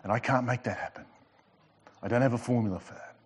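A man's voice: medium pitch, husky. A male pastor preaching a sermon with emphatic delivery, repeating and underlining his words. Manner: emphatic preaching with pauses and repetitions.

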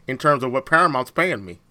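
A man co-hosting a podcast in casual chat, animated and laughing often, restarting his sentences as he goes. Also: mid-range voice, moderate pace. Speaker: podcast co-host.

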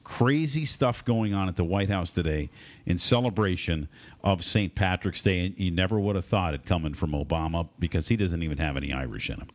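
Man, radio host, casual studio talk show, animated, low pitch. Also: fairly quick. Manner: animated, filler-heavy host patter.

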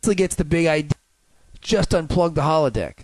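A man chats casually, retelling a TV episode with animated energy and frequent laughter. His voice sits a little high. The sound is dry and close. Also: fairly quick, no room sound. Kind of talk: casual chat.

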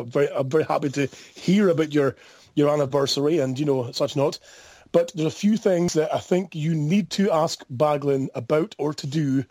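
A man with a Scottish accent calls into a podcast from his mobile, his voice on the high side, darkish and slightly breathy, with no room sound. In comedic call-in banter, he teases, acts mock-outraged, and laughs often.

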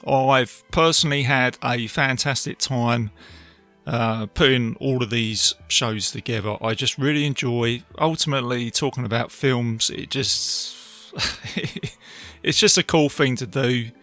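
A man's voice: mid-range voice, measured pace, pushed and bright, soft background music. A man hosting a casual film review podcast, retelling scenes in a chatty way with plenty of fillers. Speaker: podcast host.

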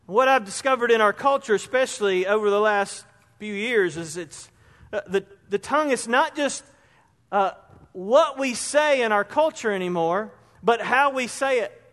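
A man's voice: sits high, expressive, normal speed, fairly bright tone. A man preaching a conversational sermon as pastor, acting out everyday examples to make his points. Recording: long hall reverb.

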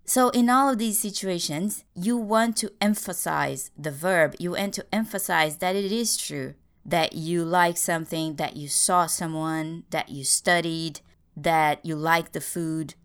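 A woman's voice: fairly low pitch, measured pace, clear, resonant tone. A woman hosting a podcast English lesson, explaining grammar with little acted stories, speaking English as a Portuguese speaker. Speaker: English teacher, podcast host.

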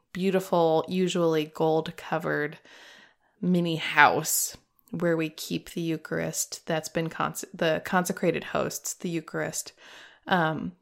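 A low-pitched, creaky-voiced middle-aged woman hosts a podcast, telling a personal story of faith in a heartfelt manner. Emotion breaks through at times, and she laughs through tears.

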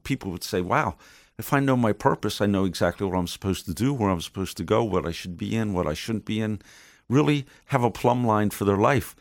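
A man with a low, gravelly voice speaks as a guest on a Christian radio program. He explains ideas earnestly and teaches through stories. The studio sound is dry and close. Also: no echo.

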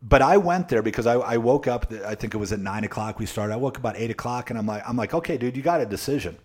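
A man's voice: medium pitch, fast, a little mellow. A man giving a motivational coaching talk to viewers, repeating his points emphatically and often checking in with tag questions. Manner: addresses viewers directly. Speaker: sales coach. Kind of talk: motivational live-stream talk.

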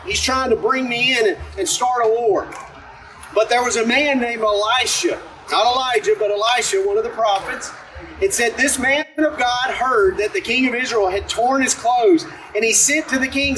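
Male pastor, high bright voice, chatty sermon, heard a little off-mic. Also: unhurried, recorded from a distance, a little hiss or hum, poor audio. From Alabama. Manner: conversational, asks the congregation questions.

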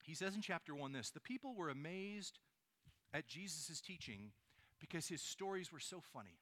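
A man's voice: fairly high pitch, sing-song, moderate pace, bright, forceful tone. A man preaching a sermon, asking his listeners rhetorical questions and reading scripture aloud. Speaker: pastor.

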